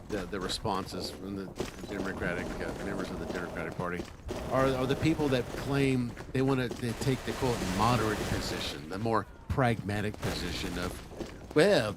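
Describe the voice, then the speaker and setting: A man hosting a livestream, delivering a blunt, combative political monologue with frequent profanity. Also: on the low side. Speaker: livestream host. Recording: noisy livestream audio.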